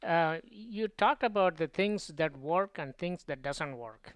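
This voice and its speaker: An interview host asking questions in a halting way, with many fillers. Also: medium pitch, animated, no room sound. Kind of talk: radio interview.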